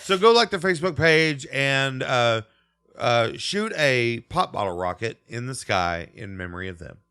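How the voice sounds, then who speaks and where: A man's voice: medium pitch, big pitch swings, normal speed, pushed and bright, clean tone. A man co-hosting a casual podcast, jokey and rambling with fillers as he signs off. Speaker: podcast co-host. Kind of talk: casual chat.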